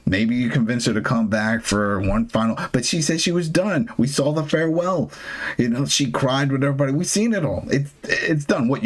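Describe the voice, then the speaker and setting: A man hosting a casual TV recap, ranting with exasperation and frequent restarts. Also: medium pitch. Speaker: TV show recap host. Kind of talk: casual opinionated recap chat.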